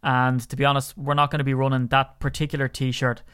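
Chatty Irish man, smooth clear voice. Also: medium pitch, completely flat delivery, fairly quick, a bit bright, no echo, clean studio sound. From Ireland. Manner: chatty, rambling, jokey. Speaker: podcast co-host. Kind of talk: casual podcast chat.

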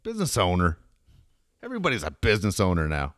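A man's voice: sits low, huge pitch swings, fast, a bit bright, dry recording, clean studio sound. A man co-hosting a podcast in crude casual chat, swearing, laughing and telling stories, on cold medicine. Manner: profane, laughing, storytelling. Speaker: podcast co-host.

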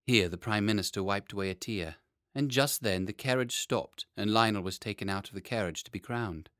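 A man narrating a children's story in an expressive, playful way. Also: on the low side, fairly quick, dry recording, studio quality. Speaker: audiobook narrator.

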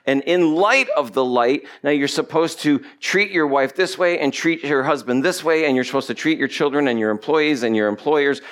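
A man's voice: on the high side, normal speed, hardly any pauses, fairly bright tone. A man preaching a sermon, emphatic and repetitive, stretching out key words for stress. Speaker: pastor.

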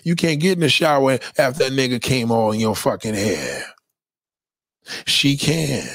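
A man's voice: medium pitch, lively intonation, normal speed, fairly bright tone, no room sound. A man delivering a blunt, profane, opinionated monologue in a lecturing tone.

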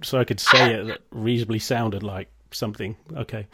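A man's voice: on the low side, steady tone, fairly quick, sharp tone. A man hosting a coaching podcast, speaking in a casual, joking and self-deprecating way. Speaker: podcast host. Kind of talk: casual podcast chat and outro.

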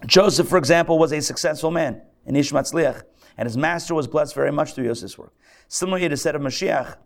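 A man teaching a live class as a rabbi, animated, acting out the voices of people he describes. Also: on the high side, quick pace, vocal fry. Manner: animated, acts out excited and grumbling voices. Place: lecture room with a live audience.

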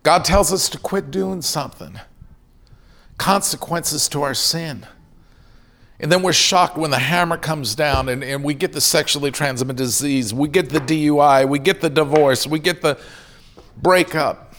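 A man's voice: a little high, a little slow, fairly bright tone. A middle-aged man preaching a sermon in an earnest way, now and then acting out the voices of people in his stories. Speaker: pastor.

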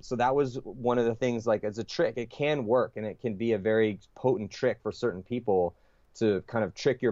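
A podcast guest with a fairly low man's voice tells a long story in a loose, rambling way. He swears freely and fills the gaps with "like" and "you know". The sound is dry and a bit dull, as from a lo-fi recording. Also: a little mellow, dry recording. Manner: profane, rambling, lots of fillers and restarts. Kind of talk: casual storytelling.

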